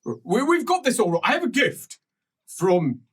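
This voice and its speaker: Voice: mid-range voice, wildly swooping pitch, normal speed, breathy edge, recorded from a distance, pitched above the performer's own voice. A game master voicing a flustered male ambassador who stammers, hesitates and tries to placate. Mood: placating. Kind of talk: improvised tabletop role-play.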